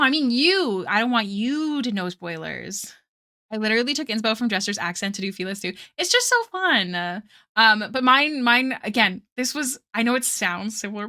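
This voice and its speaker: A young woman chats away on her art stream, rambling from one story to the next and laughing often. Her voice is bright and clear, with middling pitch, and she reads viewers' messages aloud between thoughts. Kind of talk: casual stream chat while drawing.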